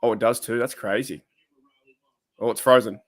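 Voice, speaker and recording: A man's voice: lowish voice, steady tone, moderate pace. A man hosting a fan live stream, casually reading out chat comments. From Australia. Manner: easygoing, reads chat comments aloud.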